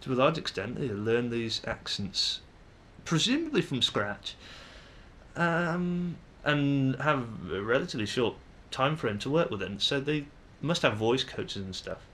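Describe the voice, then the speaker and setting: A man's voice: medium pitch, big pitch swings, a little slow, a bit bright, slight background noise. A young man with a Manchester English accent, musing aloud to camera in a casual vlog, hesitant and full of ums and restarts. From England. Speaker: vlogger.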